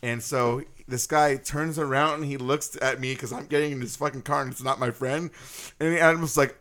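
A young man co-hosting a podcast, casually swearing as he tells animated stories. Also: medium pitch, normal speed. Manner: animated storyteller, swears freely. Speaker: podcast co-host. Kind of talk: casual chat.

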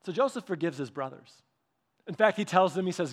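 A man preaching a sermon, retelling scripture in a conversational, animated way, acting out quotes and dropping soft and slow when he reads verses. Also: sits high. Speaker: pastor.

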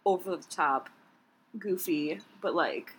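A woman's voice: on the low side, slow, a bit bright, slight background noise, rough recording. A woman co-hosting a podcast in casual chat. She talks with a hesitant, chatty manner and often laughs. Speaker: podcast co-host.

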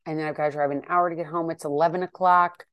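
A woman in her fifties telling a story to her viewers in a chatty, animated way, with exasperated asides. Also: sits low, fast, clean tone, dry recording, dull audio. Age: 50s. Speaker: vlogger and wellness coach.

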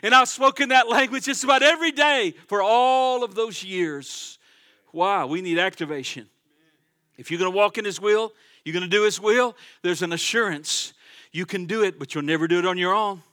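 In a church sanctuary, a fervent male pastor preaches a sermon to his congregation at a moderate pace. His high, bright voice has a ringing tone, and he moves from loud, emphatic proclamations to hushed, conversational asides.

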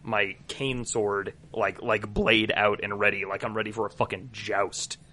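Male player, bright tense tone, chatty, laughs often. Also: lowish voice, level tone, measured pace. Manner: chatty, laughing, self-interrupting. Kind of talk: casual tabletop play.

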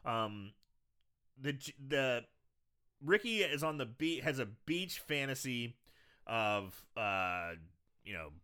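A man's voice: mid-range voice, slow pace, pauses often, clean tone. A man casually recapping a movie on a podcast, laughing often and acting out the characters' lines. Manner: animated, laughs often, acts out quoted characters. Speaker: podcast co-host recapping a film.

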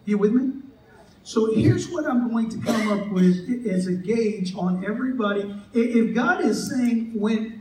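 Pastor, male, high voice, conversational sermon, echoey distant church recording. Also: a little mellow, slight background noise. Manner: conversational, joking, acts out quoted voices. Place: church sanctuary. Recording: echoey church hall, mic from afar.

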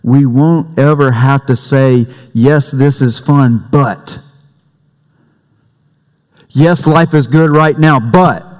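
A man delivers a sermon in an unhurried, conversational way. He leans on jokes and family anecdotes. His voice carries a long reverb in a church sanctuary. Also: mid-range voice, darkish tone. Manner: conversational preaching with humor and family stories. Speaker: pastor.

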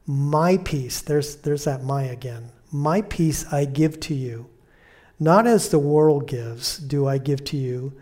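A man preaching a conversational sermon, repeating key phrases and slowing down to quote Scripture softly. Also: fairly high pitch. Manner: slows and softens when quoting Scripture.

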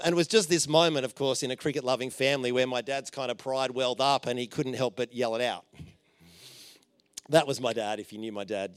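A man's voice: mid-range voice, dry recording. Joking, story-driven male preacher. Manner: informal and joking, with many fillers and playful asides; animated storytelling, dropping soft for emphasis. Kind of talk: conversational sermon.

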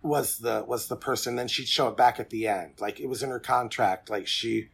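A man with a husky, slightly rough voice co-hosting a casual podcast. He chimes in with dry, wry remarks and quick corrections. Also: mid-range voice, steady tone, a bit bright. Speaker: podcast co-host. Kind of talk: casual chat.

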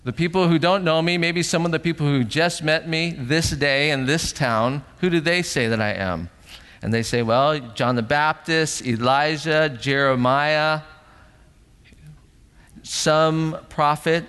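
A middle-aged man preaching a sermon as pastor in a church sanctuary, animated, acting out voices and asking rhetorical questions. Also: on the high side, unhurried, smooth. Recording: long hall reverb.

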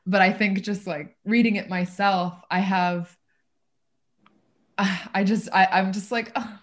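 A woman in a casual discussion of a play, rambling and animated, with many restarts and fillers. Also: mid-range voice, slow pace. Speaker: discussion participant.

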